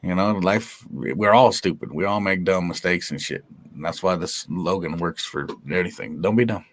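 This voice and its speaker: In a casual interview, a stand-up comedian appearing as a guest talks in a brash, profane, animated way and laughs often. His voice sits low, and he speaks at normal speed.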